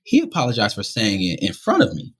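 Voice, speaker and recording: A young man from Rochester, New York, guesting on a podcast and telling candid stories in a relaxed, conversational way. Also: lowish voice, a little fast, breathy edge. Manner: relaxed, conversational, often says "you know". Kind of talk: candid storytelling.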